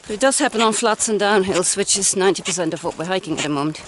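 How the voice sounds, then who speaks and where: A woman's voice: medium pitch, fast talker, background noise. A chatty woman narrating a hiking vlog outdoors on a mountain trail into a handheld camera, laughing often. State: cold from icy water. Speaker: hiking vlogger.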